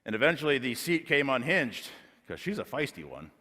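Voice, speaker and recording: A man preaching a sermon as a pastor, telling a personal story and building to loud, emphatic points. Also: mid-range voice, sing-song, brisk. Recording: long reverb of a large hall.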